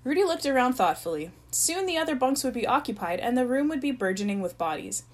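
A woman reading a novel aloud, narrating in an even storytelling voice. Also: sits high, fast talker, low-quality recording. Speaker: reader.

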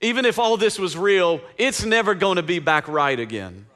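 A man's voice: sits high, animated, moderate pace, fairly bright tone. A male pastor voicing a hotheaded, loyal young disciple who talks in emphatic street slang. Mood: doubtful.

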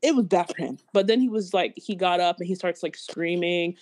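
A woman in casual podcast chat, telling a story in slangy, animated talk. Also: lowish voice, fairly quick.

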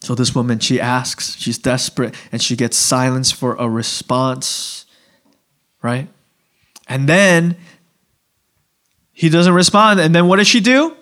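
A male pastor preaching a sermon in a relaxed, conversational way, acting out little voices and asides. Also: medium pitch, slow, long pauses. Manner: conversational, animated, acts out voices.

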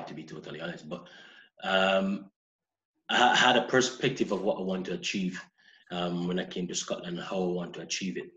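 A man from Jamaica with a Jamaican accent, a guest in a casual interview, telling lively stories and often repeating words as he restarts. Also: deep voice. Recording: echoey, dull-sounding room recording.

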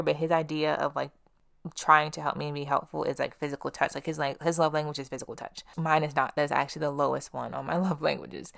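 A woman's voice: sits low, steady tone, quick pace, gravelly, a bit bright, no room sound, studio quality. A young woman hosting a podcast, telling candid personal stories in a blunt, casual way and swearing freely. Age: young adult. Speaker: podcast host.

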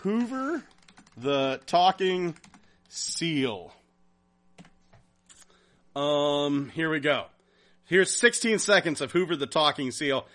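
Podcast host guy, swears a lot, animated storyteller, voice jumps all over. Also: on the high side, slow pace, long pauses. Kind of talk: casual podcast chat.

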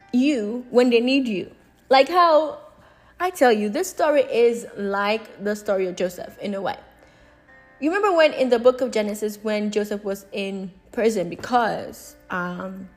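Woman teaching a lively Bible study. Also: mid-range voice. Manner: expressive, animated paraphrasing of scripture.

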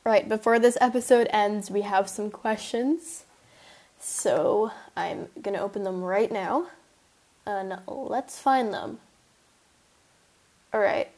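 Young woman, podcast host, slow unhurried delivery, casual story reading, chatty and self-mocking, giggly asides. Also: medium pitch, darkish tone.

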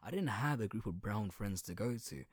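A man's voice: fairly low pitch, animated, moderate pace, husky, dry recording, studio quality. A young man from England with an English accent, whose first language was Sylheti Bengali, talking candidly in a casual, conversational monologue and swearing now and then. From Colchester, England. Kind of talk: personal reflective monologue.

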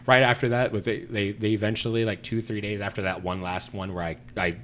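A man's voice: on the low side, steady tone, a little fast, a bit bright, a little hiss or hum. A man telling a story in casual chat, ranting with animation and acting out both sides of the exchange. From Puerto Rico.

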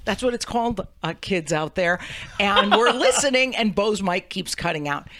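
A woman co-hosting a casual podcast, telling stories in an animated, profane way that jumps into high excited tones. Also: normal speed. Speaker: podcast co-host.

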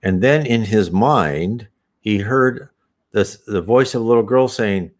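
A man giving a conversational teaching talk on spiritism, earnest and explanatory, with animated emphasis. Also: lowish voice, unhurried. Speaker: spiritism presenter.

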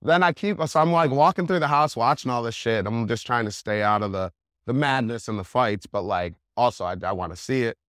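A young man, a podcast guest, telling a wild story in a casual, animated way, full of "like". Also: medium pitch, brisk, clean tone, no room sound, clean studio sound. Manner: animated, heavy use of "like", laughs while telling.

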